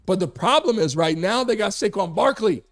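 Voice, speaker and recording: A hoarse man hosting a live sports talk show, talking emphatically and repeating his point to make it clear. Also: high voice, lively intonation, moderate pace. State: hoarse, recovering from a lost voice.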